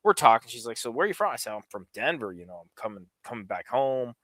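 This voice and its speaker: Speaking quickly at a medium pitch, a middle-aged man from around New York tells a long, meandering story on a casual stream. He curses freely and stays animated throughout, with a dry recording.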